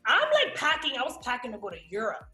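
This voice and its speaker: Bright-voiced woman with a New York tinge. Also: on the high side, quick pace. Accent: New York-tinged American. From Miami, USA. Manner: animated, swears freely, acts out quoted voices. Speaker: actress guest. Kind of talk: casual storytelling interview. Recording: roomy echo with faint music.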